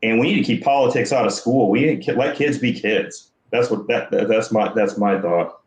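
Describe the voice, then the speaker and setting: Man, panelist, rambling, hesitant restarts, low-ish voice, echoey room. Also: fairly quick. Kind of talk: casual debate. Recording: roomy echo.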